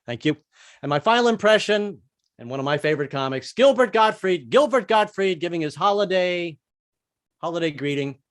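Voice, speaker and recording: A man's voice: high-pitched, expressive, dry recording, studio quality. A man doing a stand-up comedy set, stammering and repeating words before landing his jokes. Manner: halting, repeats words, drops into quick bits. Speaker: stand-up comic.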